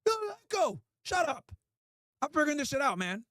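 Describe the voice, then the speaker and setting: A man's voice: very high voice, sing-song, normal speed, pushed and bright, no room sound, clean studio sound. A man hosting a livestream in casual talk, profane and ranting as he answers his chat. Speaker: streamer host.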